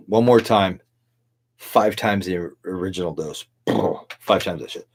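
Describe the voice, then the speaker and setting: A man's voice: sits low, slow pace. A middle-aged man hosting a livestream, a tipsy, rambling and profane monologue with frequent laughter. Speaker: livestream host.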